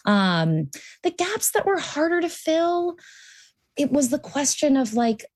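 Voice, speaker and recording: A woman's voice: sits high, sing-song, takes it slowly, a little mellow. A young American woman, a cartoonist, talking thoughtfully in a radio interview, with frequent restarts and "like" fillers. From United States. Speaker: cartoonist guest.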